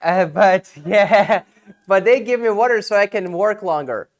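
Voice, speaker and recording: A tired man hosting a casual livestream sales pitch, chatty and rambling with lots of fillers and jokes. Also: animated, a little slow.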